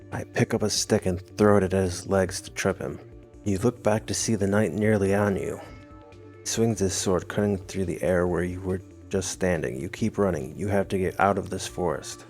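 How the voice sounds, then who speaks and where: A man's voice: deep voice, fairly even intonation, moderate pace, darkish tone, faint music behind. A man reading a text adventure game aloud, adding wry, amused comments of his own. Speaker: gamer.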